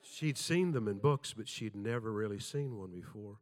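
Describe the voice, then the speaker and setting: A man's voice: on the low side, lively intonation, normal speed. An older man preaching a sermon, telling folksy stories with self-deprecating humor and acting out the voices in them.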